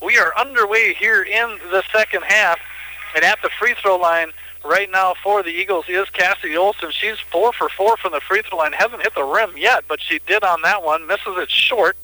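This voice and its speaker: A man's voice: high voice, normal speed, pushed and bright, rough recording. A man announcing a girls' basketball game on local radio. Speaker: play-by-play sports announcer. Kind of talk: local radio sports commentary.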